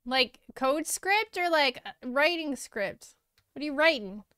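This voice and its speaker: A woman streaming as an artist, chatting casually with viewers while she draws, self-deprecating and quick to laugh, on a close mic. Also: high voice, lively intonation, bright, forceful tone, dry recording.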